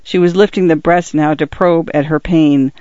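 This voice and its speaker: A man's voice: a little high, steady tone, moderate pace, dark tone, no echo. Man narrating a literary audiobook. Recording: dull, lo-fi, dry recording.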